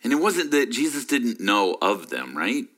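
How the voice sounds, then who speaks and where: A man's voice: medium pitch, big pitch swings, moderate pace, a bit bright. A middle-aged man preaching a sermon in a conversational way, often checking in with "right?". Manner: conversational, full of "you know" and "right?". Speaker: pastor.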